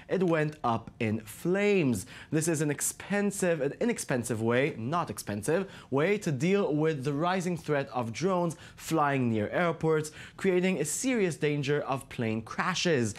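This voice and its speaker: A man's voice: on the high side, expressive, measured pace, hardly any pauses. A man hosting a tech and culture news segment, reading scripted stories with sarcastic asides. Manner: wry, sarcastic quips between stories. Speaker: news show host.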